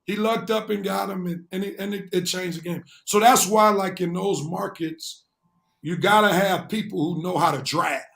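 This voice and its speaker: Man, high voice, sports talk co-host, earnest, lays out points at length. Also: fairly even intonation, moderate pace, gravelly, fairly bright tone.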